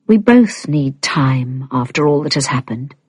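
A woman reading an audiobook, playing a troubled adult man in a low, subdued, measured voice. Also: animated, a little mellow, husky, no echo, studio quality, exaggerated voice. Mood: quiet.

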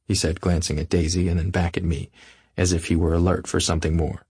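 A man narrating an audiobook in a measured, literary first-person reading. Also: low-pitched, flat delivery, darkish tone, husky, dry recording, studio quality. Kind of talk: scripted narration.

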